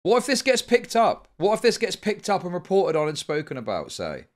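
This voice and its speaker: Male streamer, argumentative and profane, lively swinging pitch. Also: brisk. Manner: argumentative, heated, swears often. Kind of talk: live stream commentary.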